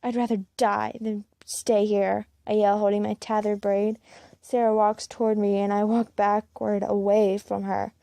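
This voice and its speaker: A woman's voice: medium pitch, flat delivery, normal speed, gravelly, warm tone, no room sound, studio quality. A woman reading a first-person fan story aloud in a plain way, with small slips and restarts. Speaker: fan-fiction reader.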